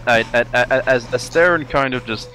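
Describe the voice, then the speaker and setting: A man's voice: mid-range voice, brisk, bright, forceful tone, soft background music. A man playing a scribe's apprentice in a tabletop game, stumbling and repeating words. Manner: stammering, repeats words while voicing a scribe. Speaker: player. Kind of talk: tabletop role-play.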